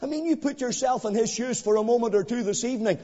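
Male evangelist, high pitch, pleading questions, muffled recording with long hall reverb. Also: quick pace. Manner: swings between hushed pleading and loud ringing emphasis; repetitive rhetorical questions to the listener. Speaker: preacher. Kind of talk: evangelistic sermon.

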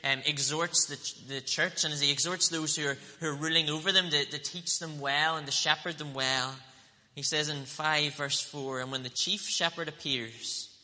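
Male preacher, higher voice, very bright and forceful, earnest, reverberant church hall. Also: steady tone. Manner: earnest, emphatic, slows down on scripture quotes. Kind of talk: sermon.

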